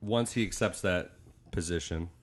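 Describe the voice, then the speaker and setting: A man's voice: low-pitched, normal speed. A man co-hosting a podcast, chatting casually and joking, rambling and trailing off at the ends of sentences. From Illinois. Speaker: podcast co-host. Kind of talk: casual chat.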